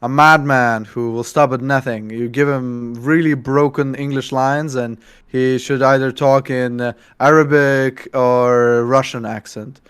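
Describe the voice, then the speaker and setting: A man's voice: medium pitch, fairly even intonation, a little slow, hardly any pauses, fairly bright tone, clear, resonant tone. A man co-hosting a casual book discussion, talking in a rambling, playful way. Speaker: book podcast co-host and game master.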